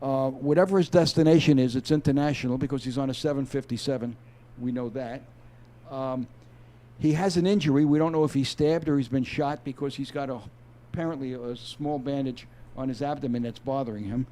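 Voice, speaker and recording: A middle-aged man with a mellow, warm tone and a mid-range voice. He talks through his writing method in an easygoing, explanatory way over a video call, often restarting his sentences as he goes. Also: mid-range voice, steady tone, brisk. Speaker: author and former police detective. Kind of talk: interview guest, reading aloud from his novel.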